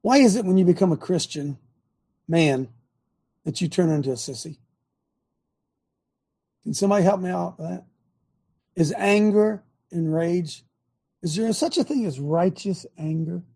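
Gravelly older man preaching with fire. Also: high voice, animated, a little slow, pauses often, dark tone. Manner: fiery, keeps asking rhetorical questions. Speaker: host, faith talk show. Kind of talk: preachy talk-show monologue.

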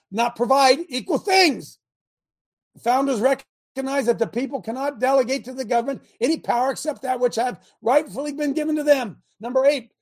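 A man giving an impassioned political talk to an audience, reading numbered principles aloud and breaking off into angry, loud commentary. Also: very high voice. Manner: reads numbered principles, then rants and comments; grows angry and loud at times. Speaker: speaker addressing an audience.

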